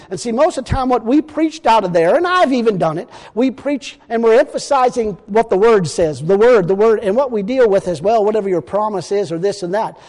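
A man preaching a folksy, emphatic sermon, slowing down to quote scripture. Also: very high-pitched, darkish tone, in a large hall.

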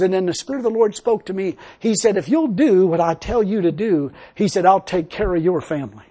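Husky high-voiced male preacher. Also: fairly quick, few pauses, a little mellow. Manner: storytelling, then rising to emphatic preaching. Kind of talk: sermon testimony.

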